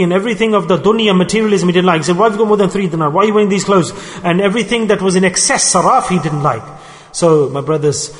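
A man preaching a sermon to a gathering in a hall. He retells a story with emphasis and asks his listeners rhetorical questions. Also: fairly high pitch. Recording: long reverberant hall.

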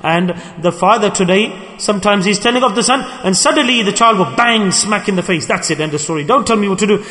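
A man's voice: sits high, fast talker, few pauses, sharp tone. A man giving an emphatic sermon. He questions his listeners directly and calls for their answers. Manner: emphatic, questions the audience and demands call-and-response. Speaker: preacher. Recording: long hall reverb.

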